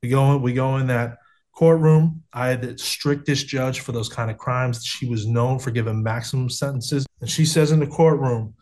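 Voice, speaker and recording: A man's voice: medium pitch, normal speed, a little mellow. A man in his thirties from the United States, telling his life story as a guest on a video call, earnest and casual, with many restarts and slang like "man" and "bro". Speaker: guest sharing testimony. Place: home setup on a video call.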